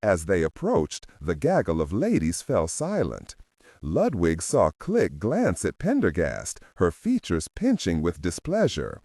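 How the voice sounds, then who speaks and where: A man narrating an audiobook thriller in an expressive read. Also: low-pitched, a little slow, slightly rough, no echo, studio quality. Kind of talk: scripted narration.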